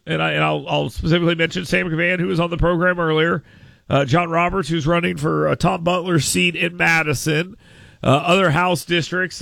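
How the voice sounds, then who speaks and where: High, gravelly, jokey radio host. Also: male voice, dry recording. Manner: jokey, laughing, animated, lots of restarts. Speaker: radio talk show host. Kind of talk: casual political talk radio.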